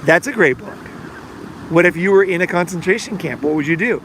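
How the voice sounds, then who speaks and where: A middle-aged podcast host and life coach rambles through a casual monologue loaded with fillers, acting out the quotes he repeats. His voice sits high, expressive and a bit bright, with a brisk pace and slight background noise.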